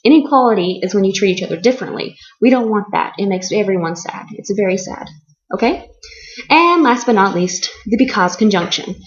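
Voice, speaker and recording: Young female ESL teacher, deliberate classroom delivery, slightly dull lo-fi audio. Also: medium pitch, expressive. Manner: slow and deliberate, stretching key words for learners. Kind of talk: slow, clear classroom explanation. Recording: slightly muffled lo-fi recording.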